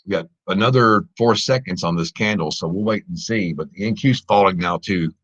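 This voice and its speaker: A man's voice: low voice, brisk, highs cut off. A man hosting a live trading stream, commenting on his trades to viewers, exclaiming and laughing often.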